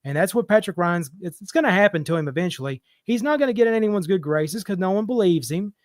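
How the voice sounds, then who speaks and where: A man's voice: high-pitched, animated, fast, dry recording, studio quality. A man calling in to a show and ranting heatedly, swearing freely. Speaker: caller. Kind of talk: casual call-in rant.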